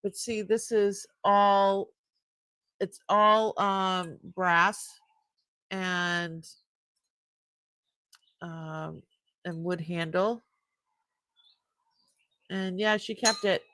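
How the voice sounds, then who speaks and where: An older woman hosting a live jewelry sale stream, chatting casually and warmly with her viewers. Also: mid-range voice, fairly even intonation, very slow, pauses often, dry recording. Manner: chatty and warm-hearted, easily moved.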